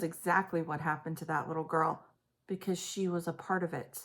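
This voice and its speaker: A woman giving an intense psychic reading to camera, halting and trailing off as she speaks. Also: deep voice, fairly even intonation. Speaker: psychic reader. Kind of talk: intuitive reading on video.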